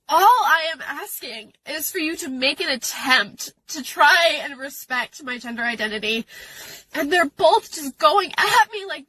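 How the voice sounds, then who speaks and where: A woman's voice: high voice, bright, forceful tone, no room sound, low-quality recording. A young adult woman venting about a workplace conflict in a personal video, upset and tearful, with nervous laughter breaking through. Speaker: worker recounting a conflict. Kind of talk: emotional personal vent video. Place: outdoors at a beach.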